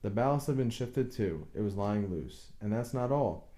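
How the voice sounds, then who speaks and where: A man's voice: lowish voice, lively intonation, moderate pace, warm tone, lightly acted. A man reading an audiobook, voicing a stubborn village boat builder who speaks plainly but insistently and deferentially to authority.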